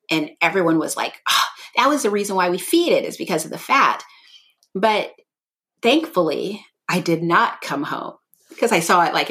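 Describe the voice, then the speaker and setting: In a casual podcast conversation, a female co-host rambles through long sentences, thinking as she goes. She has a deep voice with vocal fry and a fairly bright tone.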